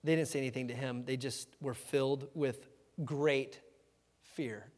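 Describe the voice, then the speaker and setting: A man preaching a sermon in a lively, conversational way, acting out the voices in the story with sudden shouts. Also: medium pitch, measured pace. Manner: animated, conversational, acts out quoted voices with shouts. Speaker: pastor. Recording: hall reverb.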